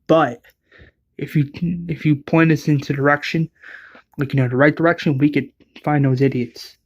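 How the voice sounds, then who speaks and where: A man voicing a calm male survivor who reassures others, stammering a little, in a fan-fiction retelling. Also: on the high side, moderate pace, lo-fi sound, close to an everyday voice. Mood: reassuring. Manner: soothing, stammering.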